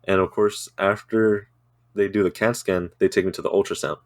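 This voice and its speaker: A man's voice: deep voice, fairly even intonation, moderate pace, dry recording. A man co-hosting a podcast, telling a rambling story in casual chat, swearing freely and laughing often. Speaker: podcast co-host.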